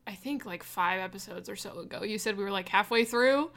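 Fairly quick and fairly bright at a medium pitch, this young woman's podcast chat is casual and rambling, packed with fillers. She is the player who asks listeners' questions.

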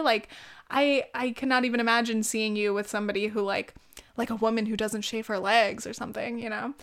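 A woman's voice: fairly high pitch, fairly even intonation, fairly quick. A young woman in her twenties talking casually in a rambling way, full of "like" and swearing, with frequent laughs. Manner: rambling, lots of "like", swears freely, laughs often. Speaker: vlogger. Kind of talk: casual chat.

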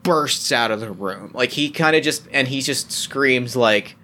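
A man narrating as game master, talking in halting bursts full of restarts and fillers. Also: medium pitch, sharp tone, a little hiss or hum.

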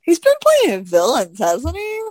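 A woman in casual chat, animated and full of laughter and filler words. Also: sits high, a little slow, dry recording. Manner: animated, laughs a lot, many filler likes. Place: home.

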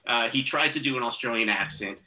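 A man hosting a call-in show, talking quickly and excitably with stumbling restarts, over tinny phone-like audio. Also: medium pitch. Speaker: show host taking calls. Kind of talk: casual call-in chat.

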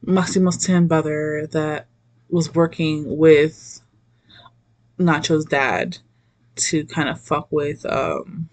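A woman casually recapping a movie in an animated, profane rant, often acting out what people said. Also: low-pitched, takes it slowly. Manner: animated, profane, laughs often, acts out quotes.

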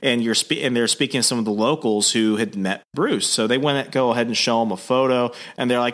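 A male podcast host recapping a comic book in a relaxed, animated way. His voice sits at a middle pitch, and he tells the story with plenty of fillers. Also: brisk, few pauses.

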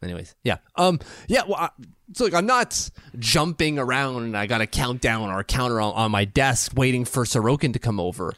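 A man's voice: mid-range voice, animated, a little fast, fairly bright tone, dry recording, studio quality. A man co-hosting a podcast in casual chat, chatty and storytelling. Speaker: podcast co-host.

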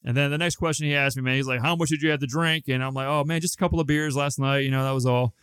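A man's voice: mid-range voice, fairly even intonation, racing, fairly bright tone, clean tone, no echo. A young man co-hosting a podcast, telling a long, rambling, profane story in a casual, laid-back way. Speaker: podcast co-host.

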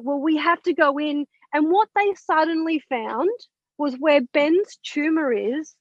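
A woman's voice: fairly high pitch, dry recording. A woman being interviewed as an author and mentor, telling her story casually and acting out the lines of the people in it, with some blunt swearing. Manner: animated, acts out quoted dialogue, blunt with mild swearing. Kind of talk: conversational storytelling. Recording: dull, dry lo-fi audio.

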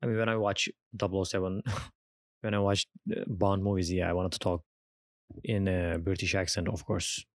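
Deep-voiced man from Turkey, halting chat. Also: no room sound. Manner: relaxed, halting, with many fillers and restarts. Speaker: podcast co-host. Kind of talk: casual chat.

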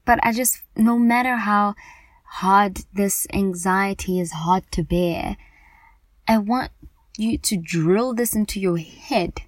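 A woman's voice: mid-range voice, slow, dry recording. A woman podcast host speaking earnestly and emphatically about anxiety in a personal monologue, often repeating herself for stress.

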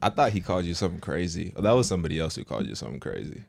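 A man with a low voice that moves a lot in pitch adds short remarks to a friend's story in casual chat. He laughs often between his lines. The sound is dry and close. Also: very animated, racing, gravelly, a little mellow, dry recording. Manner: chimes in with short replies and laughs. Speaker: podcast co-host.

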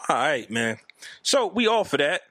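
A man co-hosting a casual podcast chat, teasing his partner in an animated, jokey way. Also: on the high side, normal speed, no room sound, studio quality. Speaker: podcast co-host. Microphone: podcast mic.

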